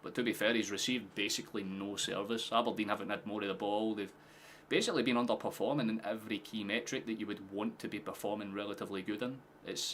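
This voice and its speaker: A man casually commentating a football match live for his stream, chatty, swearing and quick to laugh. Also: on the low side, a bit bright, slight background noise. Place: home streaming setup with headphones.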